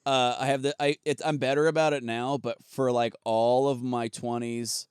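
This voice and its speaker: A man co-hosting a comedy podcast, swearing freely, laughing often, and breaking into shouted mock rants. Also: mid-range voice, little pitch movement, normal speed, clean tone, dry recording, clean studio sound. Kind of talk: casual comedic banter.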